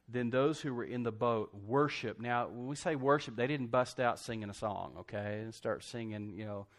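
A man preaching, animated and folksy. He tells the story like a conversation, slips into voices for the quotes and laughs often. His voice sits at an ordinary middle pitch for a man. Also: moderate pace. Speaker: pastor. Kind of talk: sermon.

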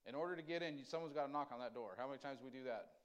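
A man preaching a conversational sermon, asking the congregation questions and swinging between loud emphasis and quiet, tender lines. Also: mid-range voice, racing. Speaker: pastor.

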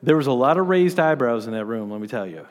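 A man preaching a sermon as pastor, earnest, stressing key lines and dropping to quiet asides. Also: medium pitch, lively intonation, fast talker, big-room sound.

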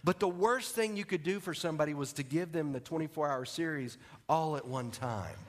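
A man preaching a sermon, telling a story in an animated way and acting out its scenes. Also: on the high side, a little fast, a little hiss or hum. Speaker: pastor. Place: church sanctuary. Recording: long hall reverb.

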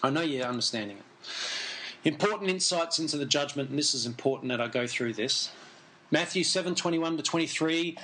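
A man's voice: fairly high pitch, brisk, pushed and bright, slight background noise, poor audio. A man preaching a sermon, earnest and emphatic, repeating key phrases and turning to the congregation with conversational asides.

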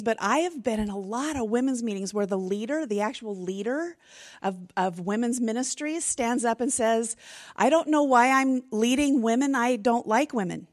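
A middle-aged woman teaching a women's Bible study in a casual, expressive way, often restarting her sentences. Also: a little high, no echo. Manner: chatty and expressive, with frequent restarts. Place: room with a group of women.

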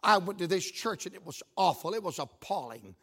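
A man's voice: high voice, expressive, brisk, pushed and bright, breathy edge, voice pushed down, exaggerated voice. Man voicing a scandalized small-town hairdresser woman. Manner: prim, scandalized.

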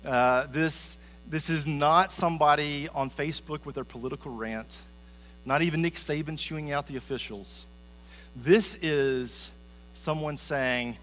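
A man's voice: fairly high pitch, moderate pace, fairly bright tone. A man giving a conversational sermon as a pastor, often repeating his first word as he starts a sentence. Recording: reverberant hall with faint mains hum.

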